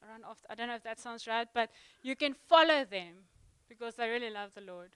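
A young woman giving a sermon in a church, chatty and halting, full of ums and restarts. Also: a little high, expressive, clean tone, no room sound. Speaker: guest preacher. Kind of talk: sermon opening, casual warm address.

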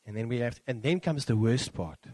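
A middle-aged man preaching a sermon, animated and acting out quotes with big swings in pitch. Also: fairly quick, no room sound.

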